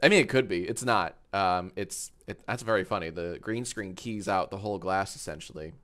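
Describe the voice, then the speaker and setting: A man's voice: low-pitched, fairly quick, a bit bright. A man in his thirties chatting casually on a live stream, tipsy from wine, rambling, joking and swearing freely from a home studio. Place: home studio with green screen.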